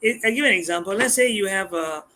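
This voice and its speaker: A man, a guest speaking on a live stream, animated and repeating words as he explains. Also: high-pitched, quick pace. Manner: animated, acts out customers' voices, repeats words. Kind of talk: live-stream talk on communication skills.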